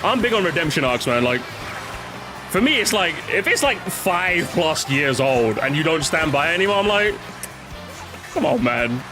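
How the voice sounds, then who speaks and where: A man's voice: fairly high pitch, very animated, moderate pace. A young man chatting casually with viewers as he plays, rambling and swearing freely, with game music behind him. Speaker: streamer. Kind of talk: casual gaming commentary.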